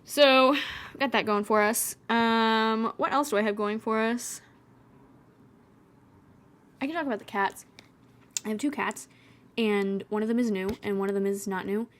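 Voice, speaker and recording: A woman's voice: a little high, measured pace, long pauses. Chatty young woman rambling in a voice-over. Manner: chatty, rambling, wry and sarcastic. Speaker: vlogger.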